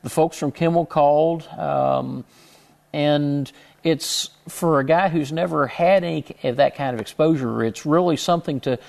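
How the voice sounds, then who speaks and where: A man with a faint Southern twang answers an interviewer's questions in a measured, halting way, starting over now and then and adding dry humor. His voice sits a little high and has a gravelly edge. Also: darkish tone. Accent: slight Southern twang. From Houston, Texas. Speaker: interview guest, computer consultant. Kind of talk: casual interview chat.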